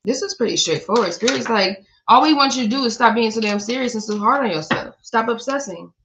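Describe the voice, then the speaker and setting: A woman's voice: a little high, lively intonation, fairly quick, background noise. A woman giving a casual spiritual card reading in a blunt, profane way, laughing at herself. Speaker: tarot reader.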